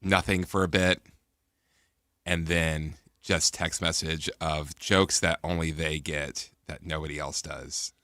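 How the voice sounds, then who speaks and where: A man's voice: a bass voice, flat delivery, takes it slowly, sharp tone, no room sound. A man co-hosting a sports radio show, chatting casually with dry, laid-back replies. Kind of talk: casual chat. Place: radio studio.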